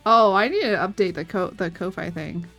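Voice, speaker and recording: A woman's voice: mid-range voice, lively intonation, moderate pace, fairly bright tone. A woman chatting casually on her art livestream, rambling and giggling as she retells stories. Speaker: streaming artist. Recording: faint background music.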